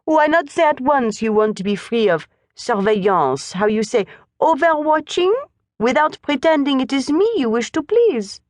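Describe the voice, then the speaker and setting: Lady doing a shrill french governess, prim and formal, high and swooping, dry close sound. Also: animated, darkish tone, no echo. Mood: wry. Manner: formal, halting English. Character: prim French governess, woman, middle-aged.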